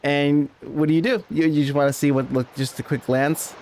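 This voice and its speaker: A man's voice: a little high, fairly even intonation, moderate pace, darkish tone, slight background noise. Rambling male game master. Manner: rambling, self-correcting, laughs often. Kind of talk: narrating a tabletop game.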